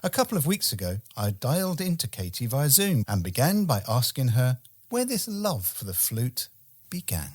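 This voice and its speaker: A man with a London accent introduces his podcast in a bright, upbeat presenter voice. His pitch moves around a lot, rising and falling with animation as he reads his scripted introduction. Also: big pitch swings, moderate pace, husky. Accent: London English. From England. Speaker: podcast host.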